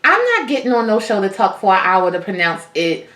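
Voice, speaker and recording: A woman's voice: medium pitch, expressive, a little fast, a bit bright. A woman in her thirties co-hosting a casual recap podcast, sassy and emphatic. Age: 30s. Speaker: podcast co-host. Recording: roomy echo.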